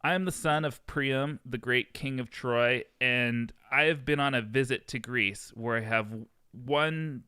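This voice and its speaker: A man's voice: mid-range voice, measured pace, few pauses, bright, forceful tone, clean tone, dry recording. Man reading as a proud young prince. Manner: haughty, formal declaiming.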